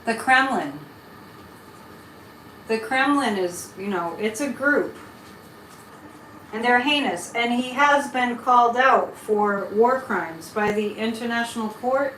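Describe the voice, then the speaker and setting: A woman's voice: on the high side, slow pace, long pauses, fairly bright tone, a little hiss or hum. A middle-aged woman, hosting a casual live tarot reading and chatting over viewer comments as she digresses. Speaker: psychic livestream host. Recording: roomy echo.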